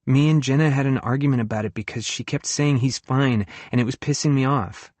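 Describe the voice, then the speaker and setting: A man's voice: mid-range voice, brisk, darkish tone, no echo, pitched above the performer's own voice, close to an everyday voice. A man voicing a hurt, earnest young woman. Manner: earnest, hurt, talks frankly about her feelings. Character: hurt, candid young woman camp counselor. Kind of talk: audiobook dialogue reading.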